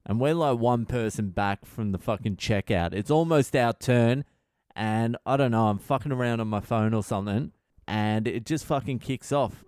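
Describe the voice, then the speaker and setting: Profane, animated storytelling man. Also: medium pitch, clean tone, no echo, studio quality. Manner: animated, swears constantly, acts out quotes. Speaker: comedian and podcast host.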